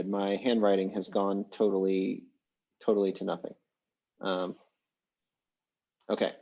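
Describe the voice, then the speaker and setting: A man teaching an online language class, explaining in a relaxed, chatty way with lots of fillers over a video call. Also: low-pitched, unhurried, vocal fry, pauses often, lo-fi sound. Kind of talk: casual online class lecture.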